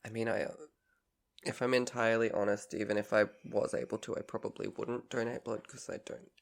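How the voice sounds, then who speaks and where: A man's voice: on the low side, little pitch movement, a little fast, vocal fry. An Australian man co-hosting a podcast, chatting casually and rambling with frequent self-corrections. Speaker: podcast co-host.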